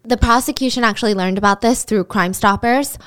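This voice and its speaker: A woman's voice: on the high side, fairly quick, fairly bright tone, clear, resonant tone. Chatty, sarcastic woman storyteller. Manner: chatty, sarcastic, incredulous asides. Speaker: true crime storyteller. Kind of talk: casual storytelling.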